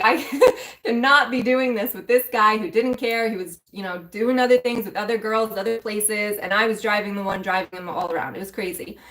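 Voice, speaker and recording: A woman mentor and coach candidly telling her own story to viewers on a live stream, emotional and speaking straight to them in a loose, conversational way. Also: medium pitch. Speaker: mentor and spiritual coach for women.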